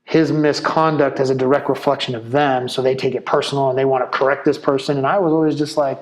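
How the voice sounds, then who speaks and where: A retired police officer speaking in a casual interview, blunt and animated, full of "like" and "man". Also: mid-range voice, quick pace, few pauses, low-quality recording.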